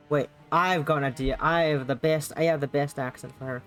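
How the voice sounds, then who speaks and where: Streamer, visual novel read-aloud, tangential, self-correcting, swears, middle pitch. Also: steady tone, a little fast, few pauses, fairly bright tone, soft background music.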